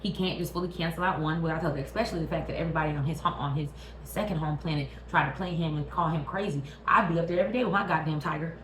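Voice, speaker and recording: A woman's voice: low-pitched, fast talker, a little hiss or hum. A woman hosting her own channel, ranting casually and profanely about a movie while checking in with the viewer. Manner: animated, profane, talks straight at the viewer. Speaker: vlog host. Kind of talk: casual movie review rant. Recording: roomy echo.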